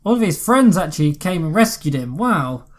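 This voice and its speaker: A woman co-hosting a podcast in easy, casual chat. Her voice sits deep for a woman, and she drifts into joking asides and throws in the odd swear word. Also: big pitch swings, moderate pace. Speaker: podcast co-host. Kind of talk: casual chat about a film.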